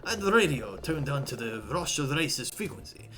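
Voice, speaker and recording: Woman voicing a vain male photographer, pompous, obnoxious, affected put-on accent, lively pitch. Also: moderate pace. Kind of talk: voicing characters in a visual novel stream.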